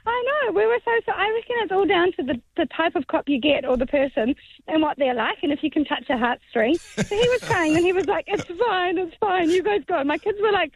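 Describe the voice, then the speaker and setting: A woman's voice: very high voice, expressive, fast, gravelly. A woman calling into a radio show, telling a chatty story over the phone. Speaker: caller. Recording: tinny phone line.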